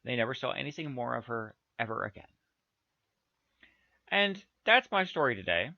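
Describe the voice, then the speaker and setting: A man's voice: medium pitch, sing-song, normal speed, gravelly, bright, forceful tone, dry recording. A man reading a children's story aloud with playful asides to his listeners. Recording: dull, dry lo-fi recording.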